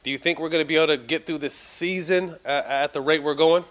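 A man hosting a casual sports interview, asking questions haltingly and often repeating words. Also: fairly high pitch, fairly even intonation, a bit bright.

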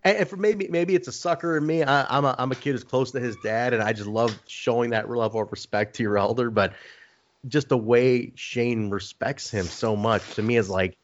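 A man chatting casually on a podcast, telling animated stories full of restarts. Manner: animated storyteller who jumps into high mocking impressions. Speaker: podcast guest. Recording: dull lo-fi sound.

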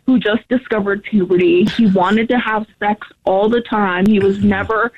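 A woman's voice: medium pitch, steady tone, normal speed, no room sound. A woman calls into a radio show and speaks bluntly and with frustration. Her voice sits in a mid range. It comes through a tinny, phone-like line with a dry sound. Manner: frank, frustrated. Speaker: caller. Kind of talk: call-in chat.

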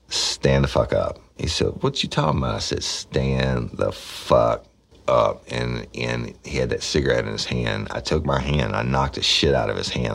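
Gravelly deep-voiced man telling a story. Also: fairly bright tone. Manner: blunt and profane, acting out his own past dialogue. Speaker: true crime podcast host. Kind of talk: storytelling a past case.

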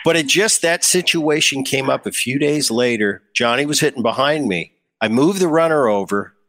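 Medium-pitched and speaking at normal speed, a middle-aged podcast host recounts stories conversationally, bringing them to life by performing others' lines.

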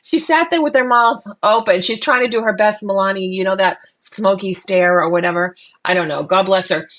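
Brief: woman co-host, casual and chatty, mid-pitched, animated, stumbles and restarts often. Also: fairly quick. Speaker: podcast co-host. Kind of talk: casual political chat.

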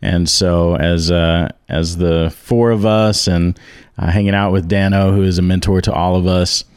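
A man, a podcast guest and conference organizer, talking in a relaxed way with many fillers. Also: low voice, normal speed, clear, resonant tone, no echo, clean studio sound. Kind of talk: casual interview.

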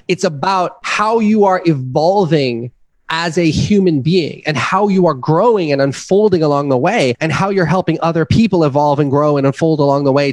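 A man co-hosting a business podcast, talking in an earnest, motivational way and pitching listeners to book a call. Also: no room sound. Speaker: podcast co-host. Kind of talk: casual business podcast talk.

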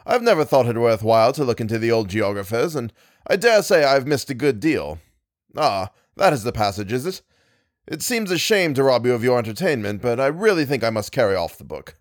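Airy, secretive old professor for a storybook, brisk and lively in his tune, read by a man. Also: mid-range voice, dry recording, studio quality, close to an everyday voice. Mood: absorbed.

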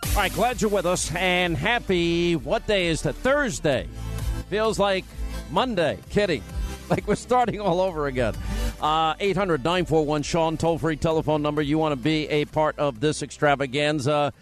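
A man hosting a talk radio show from a studio microphone, speaking briskly and emphatically and joking with his staff. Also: a little high, soft background music.

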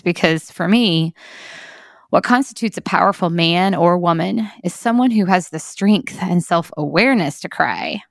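A woman in her forties hosting a daily encouragement talk, speaking gently and earnestly, with easy laughs. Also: lowish voice, vocal fry, no room sound, clean studio sound. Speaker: podcast host.

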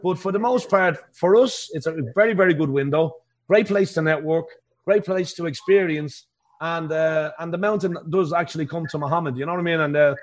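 A man's voice: a little high, a little fast. A man with an Irish accent, a pub band musician telling stories in a casual interview, laughing often. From Ireland. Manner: chatty storyteller, laughs often. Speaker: house band musician, guest.

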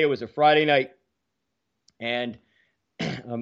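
A man around sixty, a sports talk host telling hockey stories in a casual, animated way, often repeating words as he goes. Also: mid-range voice, slow pace, smooth, highs cut off. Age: about 60.

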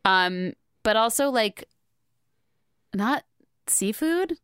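A woman co-hosting a podcast, talking in an animated, rambling way with lots of "like". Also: on the high side, very slow, clear, resonant tone, dry recording, studio quality. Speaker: podcast co-host. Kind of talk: casual podcast chat.

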